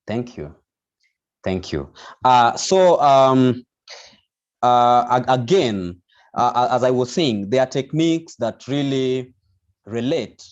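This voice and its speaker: A man's voice: medium pitch, lively intonation, slow pace, pauses often. A man teaching an online vocal lesson, explaining patiently with many restarts. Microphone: video call. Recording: dull lo-fi video call audio.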